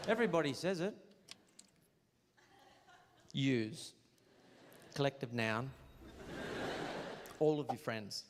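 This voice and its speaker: A man's voice: medium pitch, animated, very slow, pauses often, a little hiss or hum. A man with an Australian accent performing a crude, storytelling stand-up comedy set on stage, recorded live. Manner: brash, crude, storytelling with acted quotes. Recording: live show with roomy reverb and audience laughter.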